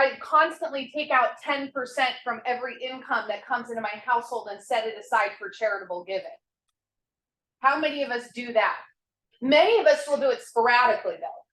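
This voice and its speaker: An upbeat woman runs an office team meeting with a bright, forceful voice pitched a little high. She is enthusiastic and encouraging and heaps praise on her colleagues. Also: reverberant, rough recording. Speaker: host of a real estate team meeting.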